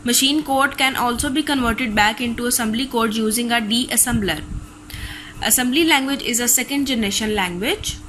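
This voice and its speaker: A woman's voice: a little high, normal speed, a bit bright, a little hiss or hum, poor audio. A woman teacher with a Pakistani accent, reading a recorded class lecture steadily from textbook notes.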